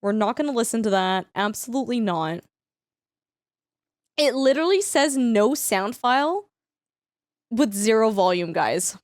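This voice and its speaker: A young woman from Canada, a streamer chatting casually with viewers while playing a farming game, self-deprecating and quick to thank people. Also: a little high, lively intonation, dry recording. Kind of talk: casual livestream chat while gaming.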